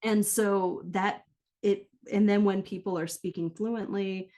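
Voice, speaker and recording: A woman's voice: mid-range voice, steady tone, a little slow, a little mellow. A woman, a pronunciation coach, guesting on a podcast interview and explaining her work conversationally. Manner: explanatory, often checks in with "right?".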